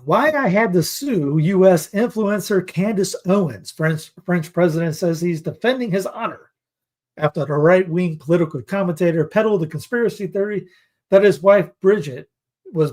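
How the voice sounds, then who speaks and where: Reading out headlines on his casual news commentary show, this man keeps adding sarcastic tangents. His voice is high with a darkish tone, and his delivery rambles, full of fillers and restarts.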